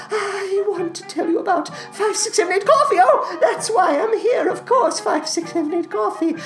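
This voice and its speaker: A man's voice: extremely high pitch, voice pushed up, full character voice, rough recording. A man voicing a weepy, creepy male oddball with celery-stalk fingers, pleading through sobs in a comedy ad. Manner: whimpering, sobbing, fragile pleading. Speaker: podcast host voicing a sponsor ad.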